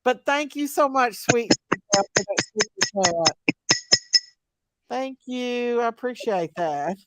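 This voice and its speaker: A woman's voice: a little high, animated, a little slow, very noisy. A woman hosting a casual late-night livestream chat, chatty and laughing often, with a drawling country way of talking. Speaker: channel host.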